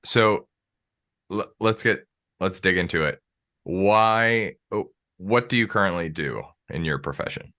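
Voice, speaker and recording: A man's voice: sits low, a little slow, bright, forceful tone. An American man hosting a podcast, chatting casually in a rambling way with lots of filler words. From United States. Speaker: podcast host. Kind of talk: casual interview chat.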